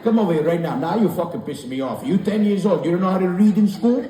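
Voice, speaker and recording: A man voicing a short-tempered older immigrant father who yells and curses in broken English. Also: high voice, fast, natural voice. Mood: angry yelling. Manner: yelling, cursing, broken English. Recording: echoey hall, far-off mic, crowd laughter.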